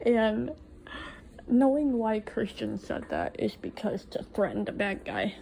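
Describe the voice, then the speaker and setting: A woman's voice: fairly high pitch, huge pitch swings, measured pace, vocal fry, dark tone, slight background noise, rough recording. A young woman casually recounting a night from her own life, blunt and swearing freely. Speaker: storyteller. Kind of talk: casual first-person storytelling.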